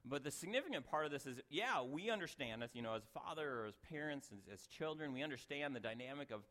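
A man's voice: medium pitch, fairly bright tone. A middle-aged male pastor giving a sermon in a conversational way, breaking off into asides and chuckling at himself. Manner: conversational, self-interrupting, chuckles at own asides.

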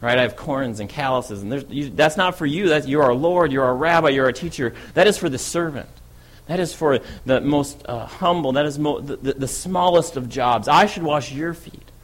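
A man portrays the apostle Peter, the keen and impulsive disciple, telling his own story in a dramatic first-person monologue whose lively energy speeds and swells with excitement. His voice is medium in pitch, natural, and at a moderate pace.

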